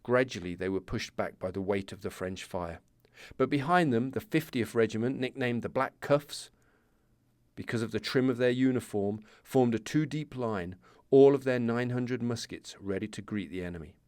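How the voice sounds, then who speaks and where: A man's voice: lowish voice, a little mellow, no echo. A man hosting a history podcast, reading scripted narration with casual asides. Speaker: podcast host.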